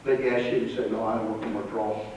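A pastor preaching a sermon, swinging between loud and soft and repeating words. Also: male voice, on the low side, flat delivery, quick pace, dull audio, a little hiss or hum. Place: church sanctuary. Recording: roomy live church recording from a distance.

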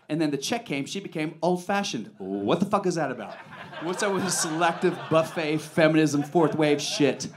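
A male comedian works a club stage with a handheld mic, talking brashly and swearing freely. His speaking voice sits a little higher than most men's. It is a punchy stand-up delivery. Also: animated, moderate pace, a little hiss or hum.

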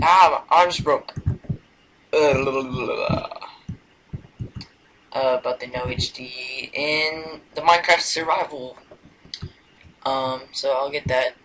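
A man's voice: mid-range voice, steady tone, slow, long pauses, fairly bright tone, slight background noise, poor audio. A man giving casual let's-play commentary, rambling and hesitant, now and then dropping to a mumbled whisper. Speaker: gameplay commentator.

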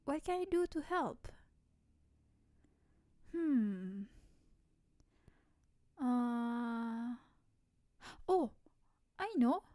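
A young woman voicing an energetic, teasing tomboy childhood best friend in an ASMR role-play, laughing often, recorded dry and close. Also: fairly high pitch, drawn-out words, pauses often, no echo. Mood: playful. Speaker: ASMR voice actress.

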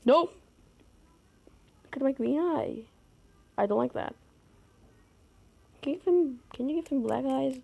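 Female gamer, gameplay commentary, slow delivery, fairly high voice, excitable. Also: creaky. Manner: excitable, with sudden high outbursts.

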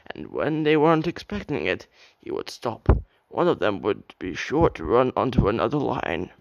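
A man's voice: mid-range voice, creaky, dry recording. A young man reading a children's railway story aloud as an amateur narrator, with occasional slips.

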